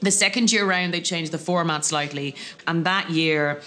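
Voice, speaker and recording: Man, podcast guest, higher pitch, bright, tense tone, self-mocking comic storyteller. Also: normal speed. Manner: lively, self-mocking, animated anecdotes.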